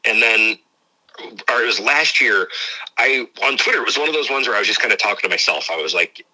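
Bright-voiced Midwestern man, rambling chat. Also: medium pitch, lively intonation, brisk, poor audio. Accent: Midwestern American. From Ohio, USA. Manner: rambling, laughs often, many "like" fillers. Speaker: podcast guest. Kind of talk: casual interview.

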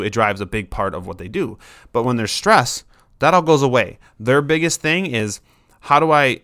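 A man with a bright, forceful voice talks through his ideas in a relaxed, conversational way. He leans on everyday examples and personal asides. His voice sounds close and dry, with no room around it. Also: medium pitch, dry recording. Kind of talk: casual explanatory talk.

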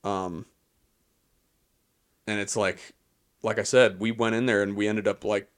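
A man's voice: fairly low pitch, flat delivery, a little slow. A young man co-hosting a podcast, chatting in a rambling, easygoing way with restarts. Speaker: podcast co-host. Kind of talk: casual chat.

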